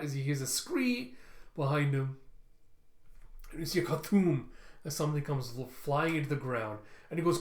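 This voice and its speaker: A man's voice: mid-range voice, moderate pace, pauses often, echoey room. Man casually narrating a comic. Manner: loose retelling, chuckles now and then. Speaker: comic reviewer. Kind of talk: casual comic book readthrough.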